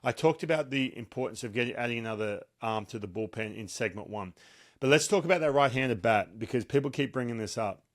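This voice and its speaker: A man hosting a casual sports talk show, lively and joking. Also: medium pitch. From Australia. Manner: lively, joking, quick banter.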